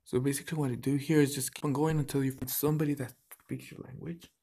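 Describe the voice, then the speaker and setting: A man's voice: medium pitch, level tone, fast, creaky, warm tone, husky. A man chatting casually to his viewers in a vlog, rambling offhand with plenty of "like" and "so yeah". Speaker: vlogger.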